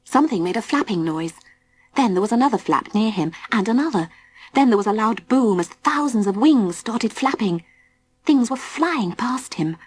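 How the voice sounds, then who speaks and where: A woman narrating a children's storybook in a gentle, suspenseful, often hushed way. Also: a little high, animated, moderate pace, husky. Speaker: audiobook narrator.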